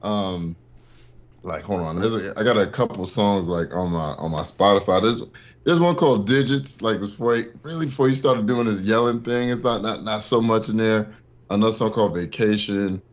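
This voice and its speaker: A man's voice: lowish voice, moderate pace, dull audio. A man chatting casually on a podcast, rambling with lots of fillers and restarts. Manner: rambling, many fillers and restarts, laughs while telling stories. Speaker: podcast guest. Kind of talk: casual chat.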